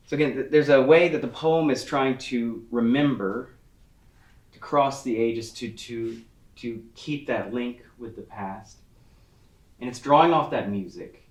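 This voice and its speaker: A man giving an online literature lecture, explaining in a thoughtful, searching way with frequent pauses, heard over a video call. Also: mid-range voice. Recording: echoey room, distant from the mic.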